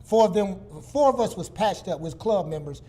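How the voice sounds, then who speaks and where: A middle-aged man from Detroit, a guest speaker telling a casual, animated story with plenty of repetition. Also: high voice, moderate pace, slightly rough. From Detroit, USA.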